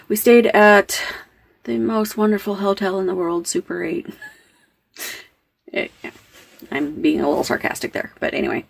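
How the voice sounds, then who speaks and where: A woman's voice: low voice, vocal fry. A woman hosting a knitting podcast, telling a story in a chatty, rambling way with plenty of fillers and asides. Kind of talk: casual storytelling chat.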